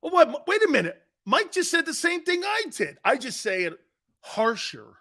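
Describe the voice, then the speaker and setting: A middle-aged man hosts a sports talk radio show in a brash, mocking way, firing back at listeners. His voice sits high and bright, with lively, sweeping pitch. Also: normal speed. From United States.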